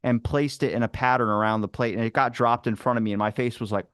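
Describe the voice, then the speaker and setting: A man telling a long story in casual chat, animated, swearing and acting out what people said. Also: mid-range voice, fast talker, smooth, no room sound, clean studio sound. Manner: animated, swearing, acts out quotes. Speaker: podcast guest.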